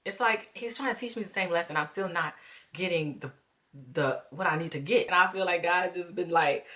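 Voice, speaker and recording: Low-voiced woman vlogging candidly. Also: a little fast, fairly bright tone. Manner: open, emotional, talks to viewers as "y'all". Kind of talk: candid reflective vlog talk.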